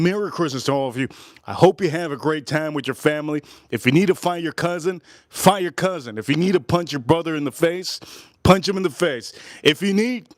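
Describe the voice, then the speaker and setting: A man's voice: fairly high pitch, no echo, studio quality. Rambling, joking man in his forties. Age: 40s. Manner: loud, joking, rambling, talks straight to the chat. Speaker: livestream host. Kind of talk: rambling casual livestream chat.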